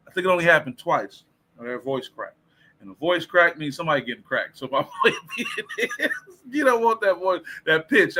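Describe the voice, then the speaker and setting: A man from Detroit hosting a livestream, giving a casual motivational talk on tone of voice in an animated way and reading out viewer comments. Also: on the high side. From Detroit, USA. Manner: animated, preacher-like, reads viewer comments aloud.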